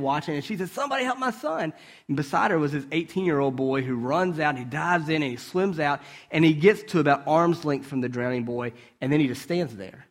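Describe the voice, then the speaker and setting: A man giving a conversational sermon, asking rhetorical questions and checking in with his listeners. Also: fairly high pitch. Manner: storytelling with brief restarts. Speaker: preacher.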